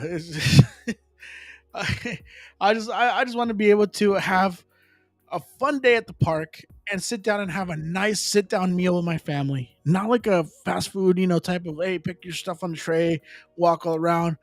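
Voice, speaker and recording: Chatty man, high voice. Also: no room sound. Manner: rambling, loose storytelling with slang and Spanish asides. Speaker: live stream host. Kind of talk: casual chat.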